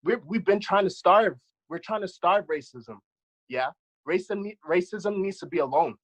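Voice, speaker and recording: A man's voice: sits high, moderate pace, poor audio. A man in his thirties, a dance choreographer, giving an earnest, impassioned account as a panelist over a video call. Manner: earnest, impassioned, speaks from the heart.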